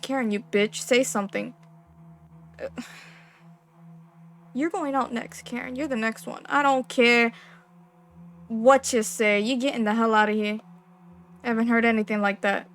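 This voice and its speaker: A young woman with a slightly high voice plays through a game, reading the on-screen text and lines aloud. She breaks into excitable, profane, slang-heavy reactions between the reading. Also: unhurried, long pauses, slight background noise. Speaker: gaming streamer.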